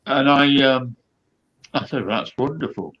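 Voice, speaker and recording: An older comedian, appearing as a guest, tells chatty anecdotes and performs the voices of the people in them. His voice sits at a medium pitch and moves a little slowly, captured with a dull lo-fi sound.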